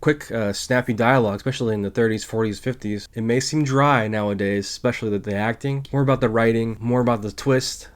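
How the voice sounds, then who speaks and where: A man's voice: mid-range voice, brisk, hardly any pauses. A man hosting a podcast, giving a casual spoken film review and explaining step by step with small restarts. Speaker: podcast host reviewing films.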